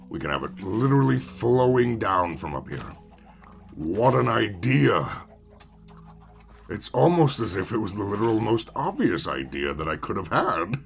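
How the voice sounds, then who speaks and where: A male streamer with a low, gravelly voice drifts through sarcastic, rambling gameplay chatter. He talks slowly, his pitch swings widely, and faint music sits underneath. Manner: sarcastic rambling self-talk. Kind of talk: casual gameplay commentary.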